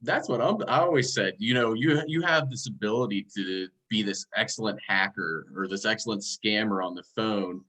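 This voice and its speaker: A man's voice: on the low side, moderate pace, few pauses, sharp tone, rough recording. A man hosting a podcast in casual chat, laughing along and agreeing with his guest. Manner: laid-back, laughs along, short agreeing replies. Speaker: podcast host.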